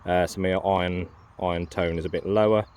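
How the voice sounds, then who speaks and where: A man's voice: low voice, steady tone, a little fast, darkish tone, clean tone. Rambling man in an open field. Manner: rambling, hesitant, many ums and self-corrections. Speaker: metal detecting vlogger. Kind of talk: casual talk while detecting outdoors. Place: open farm field outdoors.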